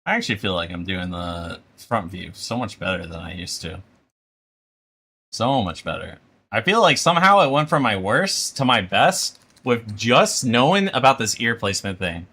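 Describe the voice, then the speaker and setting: A man's voice: on the low side, animated, moderate pace, sharp tone. A man chatting casually on a live stream while he draws, rambling with lots of filler and laughter.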